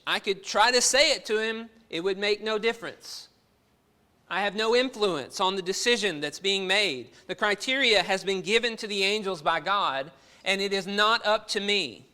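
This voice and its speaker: A man's voice: sits high, lively intonation, moderate pace, pushed and bright. A man preaching a sermon to his congregation, earnest and full of rhetorical questions.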